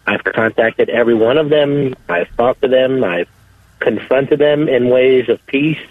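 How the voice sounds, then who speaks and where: A man calling in to a radio show, speaking earnestly with halting restarts. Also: medium pitch, no echo. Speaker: caller. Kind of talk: phone-in call. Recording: tinny dry phone line.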